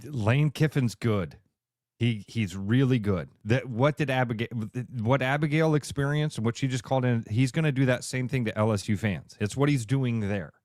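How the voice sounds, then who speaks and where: A man's voice: mid-range voice, normal speed, a little mellow, dry recording, studio quality. Emphatic, blunt radio co-host man. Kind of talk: heated sports talk. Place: radio studio.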